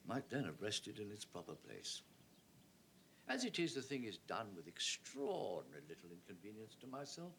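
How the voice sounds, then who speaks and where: An actor playing a weary older gentleman, a father of daughters, speaking in a dry, measured, self-reproaching way in a period film drama. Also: lowish voice, huge pitch swings, gravelly, a little hiss or hum, heavily acted. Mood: rueful.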